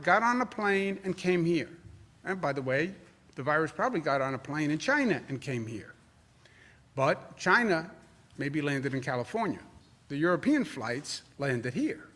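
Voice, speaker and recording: A man's voice: fairly high pitch, a bit bright. A man with a New York accent answering reporters at a press briefing as governor, combative and repetitive, building to emphatic outbursts.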